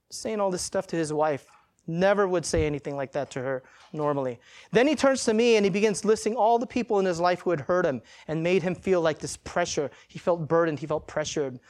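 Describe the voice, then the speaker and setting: Pastor telling an animated sermon story. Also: male voice, high voice. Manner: animated storytelling, casual, acts out quotes. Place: church.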